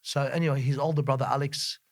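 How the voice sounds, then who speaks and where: A middle-aged man with an Australian accent, telling a personal story as a guest, earnest and more animated when he recounts scenes. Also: mid-range voice, fast talker.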